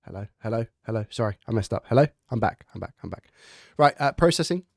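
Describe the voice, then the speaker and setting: A man's voice: on the low side, lively intonation, fast talker, gravelly, dry recording. A man hosting a live stream in casual chat, thinking aloud and testing his microphone up close with repeated checks. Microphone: studio dynamic mic, close up.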